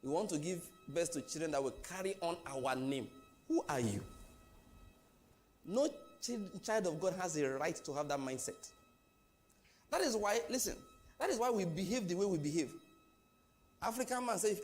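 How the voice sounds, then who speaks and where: A man from Nigeria preaches a sermon in a fairly high voice. He talks with emphasis and keeps asking his listeners questions. Faint music plays behind him. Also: lively intonation, moderate pace, pauses often, darkish tone.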